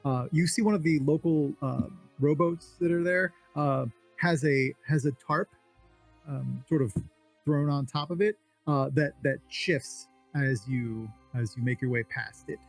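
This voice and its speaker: Man game master, narrating, halting, filler-heavy, slightly higher voice. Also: gravelly, no echo, soft background music.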